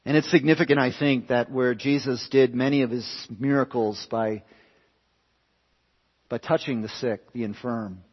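Husky preacher in an echoing hall. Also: male voice, medium pitch, steady tone, moderate pace. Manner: dramatic, swinging from hushed to loud and emphatic. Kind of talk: sermon. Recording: long hall reverb, dull lo-fi sound.

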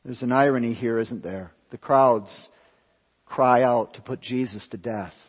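A man with a slightly husky, mid-range voice preaches a sermon at an unhurried pace, moving between quiet, hushed stretches and loud, forceful climaxes. A long hall reverb carries his words, and the recording sounds somewhat dull and lo-fi.

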